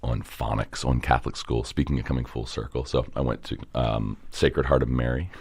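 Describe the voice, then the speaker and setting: A young man from the Baltimore area, an entrepreneur guest in a casual interview, rambling and animated, swearing now and then. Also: extremely low pitch, fairly quick, creaky, slightly rough. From Baltimore area, Maryland.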